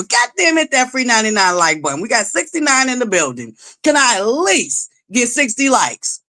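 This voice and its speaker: A woman hosting a gossip commentary vlog, loose and profane, who keeps scolding her viewers. Her voice is bright and very lively, sliding from muttered asides up to loud exclamations. She talks in a casual, animated way. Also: fairly high pitch, fairly quick, hardly any pauses. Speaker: commentary vlogger.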